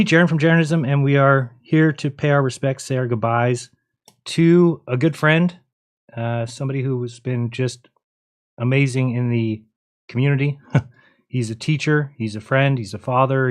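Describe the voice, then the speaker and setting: A male host leads a memorial livestream in a subdued voice. He is hesitant and a little scattered, fixing muted guests as he talks. His pitch sits in the middle range. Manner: subdued, hesitant, fixing tech while talking. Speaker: show host.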